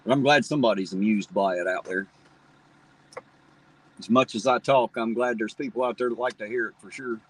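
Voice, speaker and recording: A man's voice: on the low side, a little fast, pauses often, rough recording. A middle-aged man with a slight Southern drawl from where Ohio, Kentucky and West Virginia meet, chatting in a folksy, rambling way with viewers on a live stream. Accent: Appalachian Ohio Valley, slight Southern drawl. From tri-state area where Ohio, Kentucky and West Virginia meet. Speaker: livestream host. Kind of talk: casual live-stream chat, reading viewer comments.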